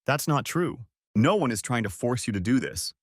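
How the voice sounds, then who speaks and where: A man voicing a worried, gentle wife who speaks in a soothing way. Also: medium pitch, big pitch swings, a little fast, dry recording, clean studio sound.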